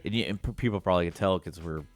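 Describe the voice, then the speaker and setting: Man, very deep, froggy, hoarse from a cold, casual radio co-host, dry studio. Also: racing, no echo, faint music behind. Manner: joking, plugs the show.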